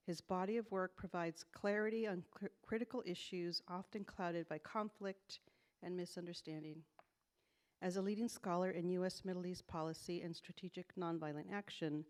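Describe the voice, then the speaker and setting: A woman reading a prepared introduction for a guest speaker at an event, out of breath from rushing, stumbling over words now and then and laughing at her slips. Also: on the low side, darkish tone. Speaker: executive director introducing a speaker. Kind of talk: formal introduction speech. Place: event hall.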